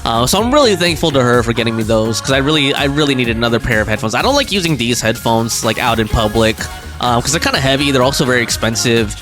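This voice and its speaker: A man's voice: mid-range voice, lively intonation, quick pace. Young guy rambling on his stream, lots of ums, bouncy voice, bit of music behind. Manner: rambling, chatty, many fillers and restarts. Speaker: game streamer. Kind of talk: casual live-stream chat.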